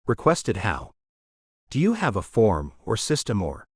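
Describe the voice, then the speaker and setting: A man's voice: lowish voice, huge pitch swings, measured pace, husky, no echo, studio quality, full character voice. A man reading an audiobook, voicing a cheerful, curious young woman. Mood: bright, curious. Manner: bright, eager. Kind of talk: audiobook character voice.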